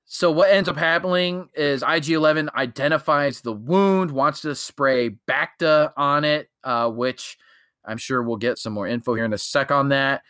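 Bright-voiced man recapping casually. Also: on the high side, normal speed, smooth, no room sound, studio quality. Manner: rambling, filler-heavy storytelling with acted-out quotes. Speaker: podcast co-host. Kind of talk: casual chat recapping a TV episode.

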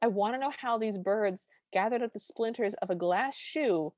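A woman with a middle-pitched voice recaps a film on a podcast, wry and sarcastic, quoting her own notes. Her voice is recorded close and dry, with no room sound. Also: moderate pace, a little mellow, no echo. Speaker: podcast co-host. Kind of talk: casual chat recapping a film.

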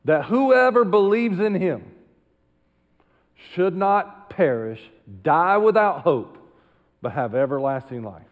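A male pastor preaching a sermon emphatically, dropping into quiet asides. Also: sits high, expressive, slow pace, big-room sound, phone-quality sound. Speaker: senior pastor. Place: church sanctuary.

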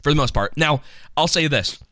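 A man's voice: a little high, animated, normal speed, bright, forceful tone, no room sound, clean studio sound. A man co-hosting a podcast, chatting casually about movies in a rambling, joking way with lots of ums and restarts. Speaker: podcast co-host.

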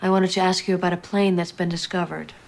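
A calm, earnest FBI agent. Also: female voice, fairly low pitch, creaky. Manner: calm, earnest, slightly halting. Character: composed female FBI agent, polite and direct. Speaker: FBI agent in a TV drama clip. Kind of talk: TV drama dialogue.

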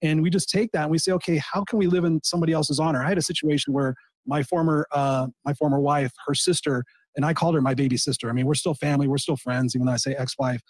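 A man with a slightly high voice talks very quickly and earnestly about personal loss, circling back and restarting his sentences. He coaches people and speaks as a guest in a podcast conversation. The sound is close and dry. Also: fairly even intonation, no room sound. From Southern California. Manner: heartfelt, repetitive restarts. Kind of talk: emotional personal storytelling.

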